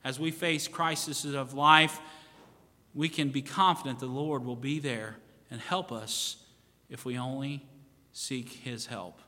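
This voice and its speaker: Earnest preaching pastor in reverberant church. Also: male voice, medium pitch, fairly even intonation, slow pace. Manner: earnest, repetitive pleading cadence. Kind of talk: sermon and altar call. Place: church sanctuary. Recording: reverberant church hall with soft music. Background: soft piano.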